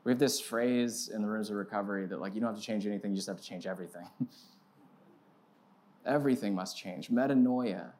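A man preaching to a live audience in a casual, self-mocking storytelling style, peppered with "like" and "right?", swinging from loud excitement to quiet reflection. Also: lowish voice, brisk. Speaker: pastor.

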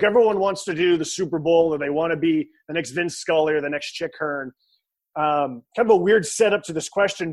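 A man's voice: a little high, husky. A man who works as a sportscaster, hosting an interview and building long, thoughtful questions. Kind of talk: conversational interview.

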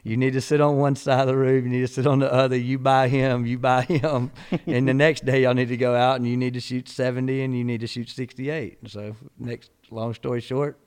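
A man's voice: mid-range voice, little pitch movement, brisk, few pauses, darkish tone, smooth. A man, co-hosting a casual chat and telling an old story with quoted dialogue. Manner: easygoing and chuckling, with quoted dialogue. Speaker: podcast co-host.

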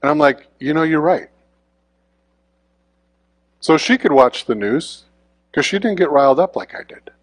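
A man's voice: on the high side, sing-song, a little fast, no room sound. A man giving a conversational sermon as a guest preacher, informal and often checking in with the congregation.

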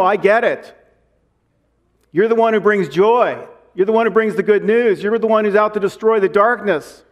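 A man's voice: sits high, highs cut off. A man voicing the evil spirit in a possessed man during a sermon reading, adding his own lines. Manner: read aloud with added words. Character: possessed man's evil spirit, male, defiant.

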